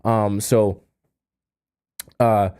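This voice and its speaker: A man's voice: lowish voice, level tone, drawn-out words, dark tone, clear, resonant tone. A man hosting a live stream as a dating coach, giving casual advice in a chatty way, often checking in with "okay?" and using coy euphemisms.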